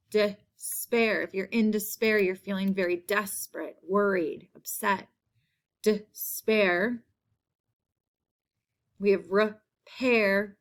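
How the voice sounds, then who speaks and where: A woman teacher giving a recorded spelling lesson, saying each word several times in a clear, patient way. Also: medium pitch, fairly bright tone. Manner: clear, patient classroom delivery.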